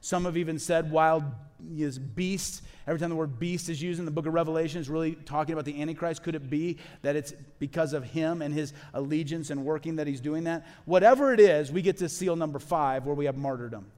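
A man preaching a sermon as pastor, animated and acting out quoted voices as he speaks. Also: on the high side, brisk, few pauses, big-room sound.

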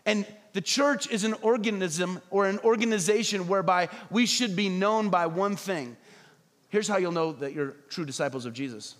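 A middle-aged man preaching a sermon as pastor, animated, often acting out quoted voices. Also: sits high, normal speed. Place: church hall. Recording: reverberant hall.

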